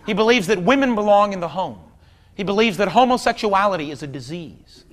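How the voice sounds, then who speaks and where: A man in his thirties doing stand-up comedy on a theater stage, talking wryly and conversationally, then breaking into loud outbursts. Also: high-pitched, animated, fairly quick. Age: 30s. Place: theater stage before a large audience. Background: audience laughter.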